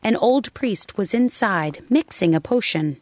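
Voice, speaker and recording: A woman narrating a children's storybook in a slow, clear reading voice. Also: mid-range voice, expressive, a little mellow, no room sound.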